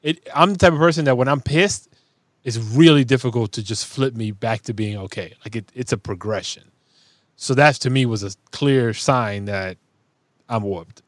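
A man with a mid-pitched, ordinary voice who hosts a relaxed podcast talk. He asks questions and tells stories from home, swearing casually and sometimes dropping into a low mutter. The sound is close and dry. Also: moderate pace, dry recording. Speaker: podcast host. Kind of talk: casual chat.

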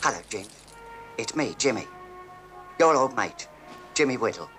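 An actor plays a tactless, cheerful young soldier who speaks. His voice is bright and forceful. It is an old comedy film scene. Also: mid-range voice, expressive, moderate pace, faint music behind, close to an everyday voice. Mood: chummy. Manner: chummy, tactlessly frank. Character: cheerful blunt young male British soldier. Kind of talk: 1960s British film comedy acting.

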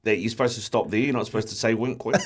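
A man's voice: on the low side, racing, slight background noise. A man on breakfast radio, teasing his co-host in a dry way. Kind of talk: casual breakfast radio banter.

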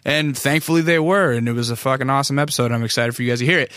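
A man in his thirties from Alaska hosts a podcast alone, rambling casually and cursing as he tells stories. He acts out other people's lines and his voice shoots up high for them. His mid-range voice sits close and dry in the studio, with no room sound at all. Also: very fast, fairly bright tone, dry recording. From Alaska, USA. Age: 30s. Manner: profane, rambling storyteller. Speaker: podcast host. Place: recording studio.

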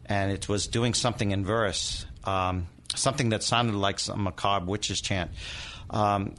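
A man's voice: low voice, fairly even intonation, measured pace, fairly bright tone. A middle-aged man, a demonologist guest, telling a haunting story in vivid detail and acting out the people in it. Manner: dramatic storyteller, acts out quoted voices. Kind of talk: storytelling interview.

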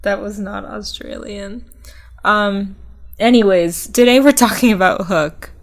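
A woman co-hosts a relaxed podcast over a call. She talks playfully and laughs often. Her throat is a little scratchy. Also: mid-range voice, measured pace. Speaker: podcast co-host. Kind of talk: casual chat. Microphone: remote call.

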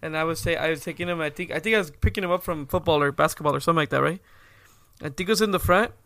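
High, bright-voiced young man telling stories. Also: racing, dry recording. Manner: laughs a lot, acts out quotes in high voices. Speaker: podcast co-host. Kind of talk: casual storytelling chat.

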